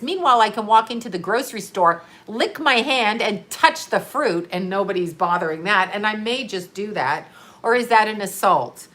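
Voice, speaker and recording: A middle-aged woman telling a story in a casual livestream, animated and profane, laughing often. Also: medium pitch, moderate pace. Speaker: live streamer.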